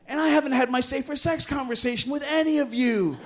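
High-voiced guy doing bawdy live storytelling in a bar, animated, self-mocking, loud when he acts out quotes. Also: brisk, noisy background. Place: bar stage before a live audience.

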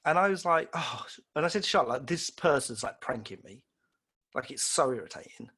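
A man with a medium-pitched, animated voice talks fairly quickly, sounding pushed, bright and slightly rough. He is an illustrator appearing as an interview guest, telling casual, rambling, self-deprecating stories and acting out the voices of people he quotes.

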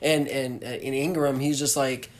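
A co-host casually recapping a film, talking in halting runs full of restarts and fillers. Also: medium pitch, flat delivery. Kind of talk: casual movie recap chat.

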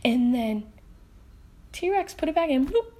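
A woman spinning a children's story off the top of her head, in a high, bright voice. She speaks slowly and playfully, counting along and slipping into hushed whispers for the tense parts. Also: expressive. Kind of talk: improvised children's story narration.

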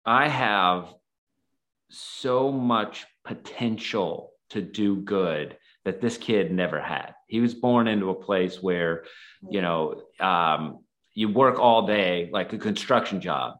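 Earnest man with a lowish voice, telling stories casually and rambling with fillers. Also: lively intonation, slow, fairly bright tone. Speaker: guest, photographer and nonprofit founder. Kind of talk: casual storytelling.

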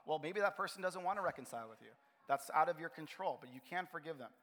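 A man preaching a sermon in a relaxed, conversational way, often restarting his phrases. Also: fairly high pitch, quick pace. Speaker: pastor. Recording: reverberant hall.

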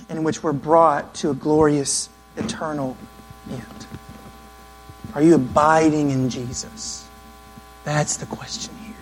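A man preaching a sermon in an earnest, conversational way, now and then acting out quick asides. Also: fairly high pitch, slight background noise, rough recording. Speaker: pastor.

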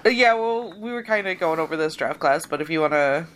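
A woman's voice: sits low, expressive, brisk, clear, resonant tone. A woman co-hosting a casual podcast chat, telling stories with frequent laughs and lots of "like". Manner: chatty storyteller, laughs often, fillers like "like". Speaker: podcast co-host.

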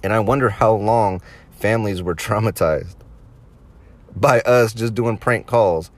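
A man's voice: fairly low pitch, a little slow. A young man casually recounting old stories in a laid-back, amused way. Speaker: storyteller. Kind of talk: casual anecdote.

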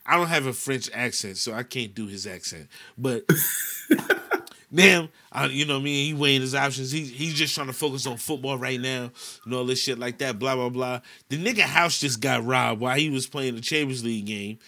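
A man's voice: mid-range voice, normal speed. A man from the United States, ranting in a casual chat on a podcast and cursing a lot. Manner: animated ranting, heavy cursing.

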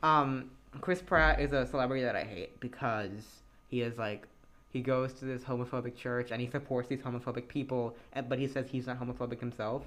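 A woman's voice: very deep voice, fairly even intonation, brisk, a bit bright. A young woman co-hosting a casual podcast, chatty and full of "like.". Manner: chatty, filler-heavy. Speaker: podcast co-host. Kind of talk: casual chat.

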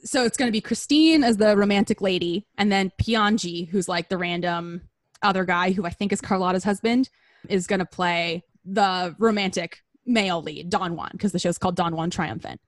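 A woman's voice: lowish voice, moderate pace, no room sound. A woman hosting a comedy show, recapping a story in a crude, rambling, casual way. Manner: crude, rambling, lots of fillers.

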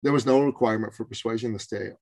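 A man from Canada telling a story as a guest on a podcast, in an animated and emphatic way. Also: mid-range voice, fast, dry recording, poor audio. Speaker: podcast guest, business coach. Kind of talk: interview storytelling.

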